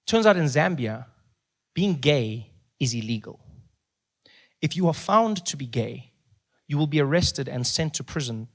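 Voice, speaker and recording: A man's voice: a little high, creaky, a bit bright. South African man doing stand-up. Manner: playful storytelling, often laughing mid-line. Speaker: comedian. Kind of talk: stand-up comedy.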